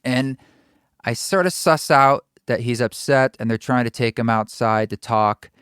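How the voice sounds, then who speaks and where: Brief: man with a smooth, resonant voice, animated co-host, dry close sound. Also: medium pitch, measured pace, dry recording. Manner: lively, acts out his own reactions. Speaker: musician and co-host. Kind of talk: casual storytelling chat.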